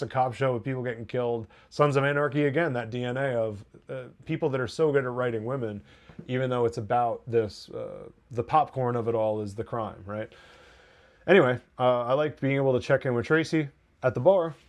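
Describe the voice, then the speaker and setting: A man hosting a casual TV episode review, talking in a chatty, digressive way and acting out characters' lines with laughs. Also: medium pitch. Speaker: TV review host.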